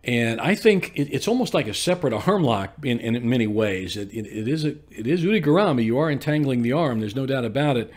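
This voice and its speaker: A man's voice: mid-range voice, expressive, brisk, few pauses, a little mellow, echoey room, long reverb tail, distant mic, poor audio. A man teaching a judo arm lock, explaining in an informal way with repeated okay checks. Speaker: judo instructor. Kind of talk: instructional demonstration and commentary.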